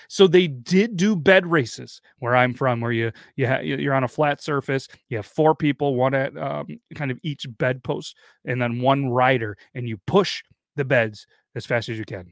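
A man's voice: fairly high pitch, creaky, a bit bright, dry recording, studio quality. A man in his thirties hosting a podcast, reading a listener's story aloud and rambling off into chatty asides. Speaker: podcast host.

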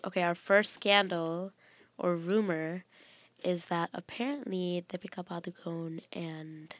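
A woman's voice: fairly low pitch, unhurried, no room sound. A young woman co-hosting a podcast in casual chat, talking freely and laughing often. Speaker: podcast co-host.

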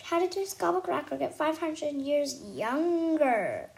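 A woman's voice: high voice, lively intonation, measured pace, creaky, exaggerated voice, rough recording. A woman reading a storybook aloud, voicing an anxious, dramatic schoolgirl. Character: worried girl, dramatic and jumpy.

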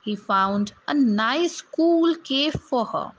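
A woman reading a storybook tale aloud to schoolchildren, slowly and carefully, with small slips. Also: high-pitched, lively intonation. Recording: dull, lo-fi recording with faint noise.

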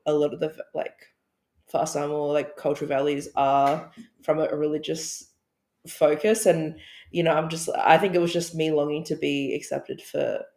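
A woman from Australia co-hosting a podcast, talking in a reflective, earnest way with soft laughs. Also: low voice, vocal fry. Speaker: podcast co-host. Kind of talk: casual chat. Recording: echoey room.

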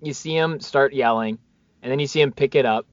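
A man hosting a casual talk show, chatting quickly and retelling conversations. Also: mid-range voice, no room sound, muffled recording. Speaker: host. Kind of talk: casual chat.

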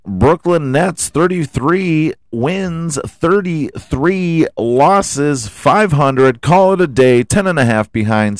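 A man hosting a casual solo sports podcast, rambling and profane, with a scratchy throat he keeps clearing. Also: mid-range voice, no room sound, studio quality. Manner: rambling, profane, self-mocking asides. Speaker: podcast host.

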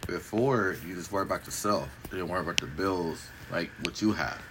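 A man chatting casually on a podcast, laid-back, with short replies and quick bursts. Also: sits low, very noisy. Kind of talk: casual chat.

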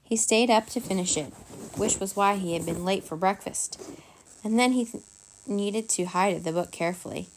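A woman's voice: mid-range voice, normal speed, slight background noise. Woman reading a children's storybook aloud. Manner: lively, changing voices for the characters.

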